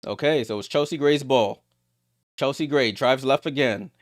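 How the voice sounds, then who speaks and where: A man giving live play-by-play of a basketball game as a streamer, getting louder on big plays and greeting viewers in the chat. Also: normal speed, dry recording, studio quality. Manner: rises sharply in pitch and volume on big plays.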